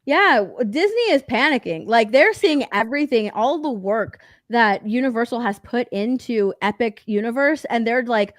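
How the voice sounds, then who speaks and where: A woman co-hosting a pop-culture news podcast, chatting casually with lots of fillers and excitement. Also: a little high, normal speed, few pauses, no room sound, clean studio sound. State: hiccups. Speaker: podcast co-host. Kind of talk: casual chat.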